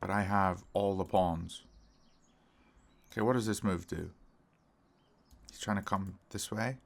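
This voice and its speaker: A man's voice: sits low, steady tone, measured pace, gravelly. A man commenting casually on his own chess games, talking to his viewers as lads. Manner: chatty, calls viewers lads, prone to frustrated outbursts. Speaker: chess streamer.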